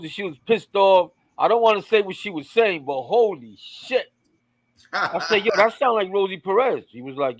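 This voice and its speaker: A man's voice: sits high, normal speed, no echo, rough recording. A man co-hosting a podcast, telling a story and acting out what people said. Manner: lively storyteller acting out quotes. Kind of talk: casual podcast chat.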